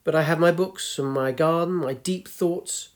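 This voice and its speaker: A man's voice: a little high, normal speed, voice pushed up, lightly acted. A man voicing a grumpy, wry old woman of ninety-two in a storybook reading, tart and teasing. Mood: reflective. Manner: tart, teasing, lecturing the young.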